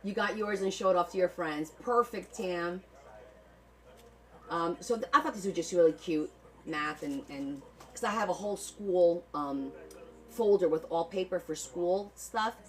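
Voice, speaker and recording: Unhurried and lowish in pitch, a woman talks through a live online auction of her handmade journals. She's affectionate with viewers, thanks them by name, and tends to repeat words, all on a rough recording.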